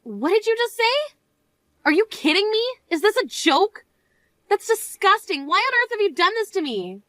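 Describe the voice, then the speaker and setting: A woman's voice: a little high, expressive, fairly quick, fairly bright tone, no echo. A woman voicing a young bride in an amateur voice drama, speaking in a firm, self-assured manner. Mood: shocked. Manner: indignant, then cool and firm.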